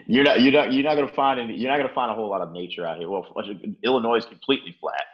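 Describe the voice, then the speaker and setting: A man's voice: mid-range voice, racing, highs cut off. A man talking as a podcast guest in a laid-back casual chat, calling everyone man and dude.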